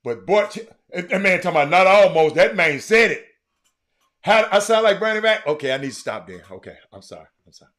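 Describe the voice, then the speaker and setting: A man hosting a casual show, talking in a loose, animated way that drifts between loud calls to the audience and low mutters. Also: brisk. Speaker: show host. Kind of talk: casual live-stream chat.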